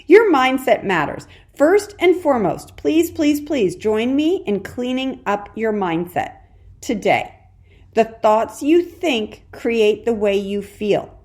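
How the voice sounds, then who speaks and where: Woman podcast host, casual and reassuring, talks to the listener one on one, peppers her talk with "okay". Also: mid-range voice. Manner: warm encouraging, addresses listener as "dear warrior"; chatty with frequent "okay" and laughs. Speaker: podcast host and parenting coach.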